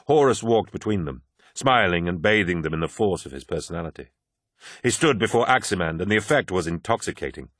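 A man reads an audiobook narration in a steady, measured way. His voice sits on the low side. The recording is close and dry, with no room sound. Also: no room sound. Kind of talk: scripted narration.

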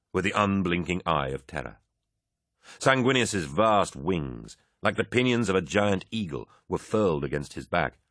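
A man narrating an audiobook, reading in a measured, low-key dramatic way and voicing the characters. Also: fairly bright tone, dry recording, studio quality. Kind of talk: scripted narration.

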